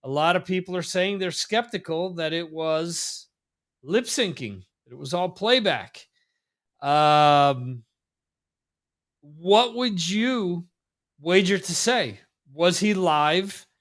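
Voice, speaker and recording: Male host, loose rambling chatter, lots of ums, somewhat higher voice. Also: expressive, slow pace, a bit bright. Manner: rambling, laughs often, many fillers. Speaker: podcast host. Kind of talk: casual chat. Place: lives in Spain.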